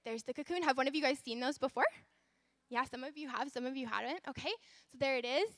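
A woman leading a children's lesson, telling a story in an animated, exclamatory, encouraging way. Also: high-pitched, fast, no room sound, studio quality. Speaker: children's teacher.

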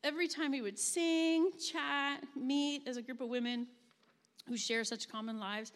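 A woman giving a heartfelt spoken testimony as a camp ministry leader, earnest and gentle, with pauses as she tells a story. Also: high-pitched, fairly even intonation. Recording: long reverb of a large room.

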